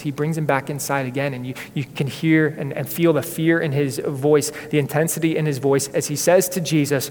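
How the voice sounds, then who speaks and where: A man's voice: fairly high pitch, fairly even intonation, fairly quick. A male pastor preaching a sermon with earnest, dramatic storytelling in a church sanctuary. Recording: echoey hall reverb.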